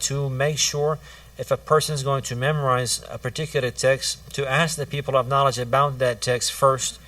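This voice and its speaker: A man's voice: mid-range voice, a bit bright, no echo, far from the mic. A man giving a religious lesson, repeating key phrases and restarting his sentences as he teaches. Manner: repetitive, restarts phrases, stresses points twice. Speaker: Islamic teacher.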